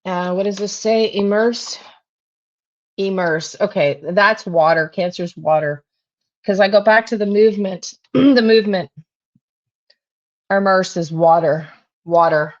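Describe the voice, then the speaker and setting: A woman's voice: medium pitch, unhurried, long pauses, highs cut off. A woman hosting a true crime channel, talking to herself while she pulls tarot cards and repeats her questions to spirit.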